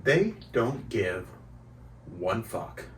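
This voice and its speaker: A man's voice: mid-range voice, very animated, slight background noise. Joking man, roomy and distant. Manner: joking, teasing, quick bursts of laughter. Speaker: podcast co-host. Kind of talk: casual comedic chat. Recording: roomy sound, mic at a distance.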